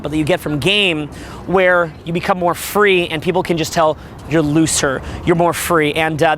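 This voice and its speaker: A middle-aged man with a worn, rough voice, giving a blunt, profane, animated coaching monologue about dating. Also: a little high, slight background noise. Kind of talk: motivational monologue.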